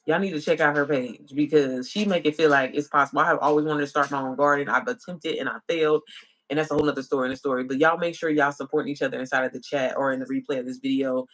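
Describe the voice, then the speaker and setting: A woman's voice: a bass voice, fairly even intonation, fast, a bit bright. A woman chatting casually with viewers on a livestream as an online business coach, calling them y'all and girl.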